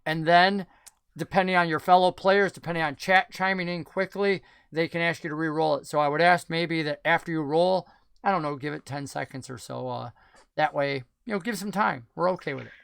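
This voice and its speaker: A man's voice: fairly high pitch, brisk, gravelly, a bit bright, smooth, no echo. A man hosting a tabletop game stream as game master, upbeat and joking as he guides the players.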